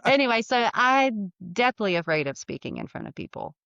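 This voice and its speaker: A woman's voice: a little high, normal speed, creaky, no echo, lo-fi sound. A woman guest telling a story in casual talk, acting out the lines of the people in it and laughing often. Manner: animated, acts out dialogue with laughs. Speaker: podcast guest.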